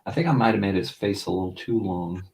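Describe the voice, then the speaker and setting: A middle-aged man chatting casually as a co-host while drawing, telling animated stories and mimicking voices. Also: fast talker. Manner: animated storyteller, mimics voices with big pitch jumps. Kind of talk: casual chat.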